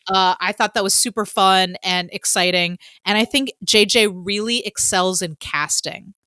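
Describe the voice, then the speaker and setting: A woman co-hosting a podcast in casual chat, an excitable fan who gushes and fills her talk with "um". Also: mid-range voice, normal speed, smooth, no room sound. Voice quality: excitable, gushing fan with many fillers. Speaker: podcast co-host.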